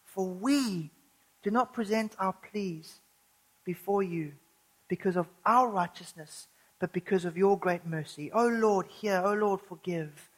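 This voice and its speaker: A woman's voice: medium pitch, low-quality recording. Earnest woman preaching a sermon. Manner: earnest, builds to urgent emphatic stretches, slows for scripture.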